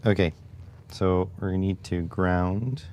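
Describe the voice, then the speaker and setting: A man's voice: deep voice, steady tone, measured pace, darkish tone, a little hiss or hum. A man hosting a casual livestream, thinking aloud step by step as he works, with wry asides to his viewers. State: recovering back injury. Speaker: livestream host. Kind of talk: casual livestream chat while tinkering.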